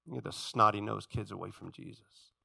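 A man's voice: fairly low pitch, brisk, creaky, husky. A man preaching a sermon who tells the stories vividly and acts out the voices of the people in them. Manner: animated storytelling, acts out quoted voices.

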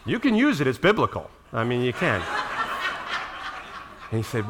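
A middle-aged man preaching a sermon as pastor, acting out quotes dramatically and swinging between loud and soft. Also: mid-range voice, big pitch swings, moderate pace, pauses often, slight background noise.

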